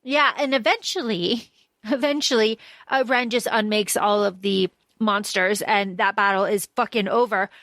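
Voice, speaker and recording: A woman's voice: medium pitch, steady tone, normal speed, a bit bright, dry recording. A woman co-hosting a casual book podcast, chatty and swearing freely as she acts out characters' lines. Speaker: podcast co-host.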